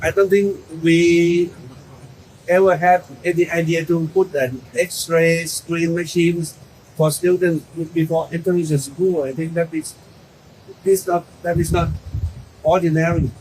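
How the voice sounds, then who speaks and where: A man, a government official giving a press statement, pausing often and restarting phrases. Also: a little high, flat delivery, a little mellow, slight background noise, low-quality recording. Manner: halting, many pauses and restarts.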